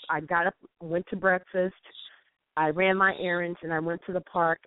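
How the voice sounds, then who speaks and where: Here a woman with a fairly low pitch calls a talk show from St. Louis, USA. She tells an impassioned tale with quoted dialogue, and the tinny, dry phone line has no echo.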